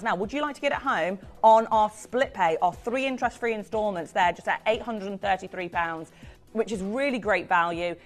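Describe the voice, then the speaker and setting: A woman presenting on a live shopping channel, selling jewellery with gushing, effusive patter. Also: mid-range voice.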